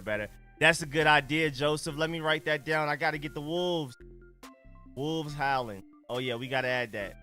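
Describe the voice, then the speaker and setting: A man's voice: medium pitch, sharp tone, smooth. A man hosting a casual live stream, chatting in a laid-back, slangy way while he adjusts his settings. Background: faint music.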